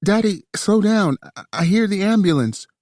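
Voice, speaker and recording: A man voicing a playful, teasing young woman in an audiobook, in a high, shrill put-on voice. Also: big pitch swings, moderate pace, mellow, dry recording, studio quality, natural voice. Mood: frantic.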